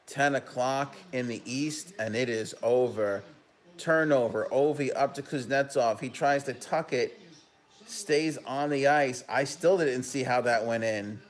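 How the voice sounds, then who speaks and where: A young man hosts a live hockey talk stream, reacting to the final goal and reading out viewer messages. His voice sits at an ordinary middle pitch. He breaks into loud, excited bursts. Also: unhurried.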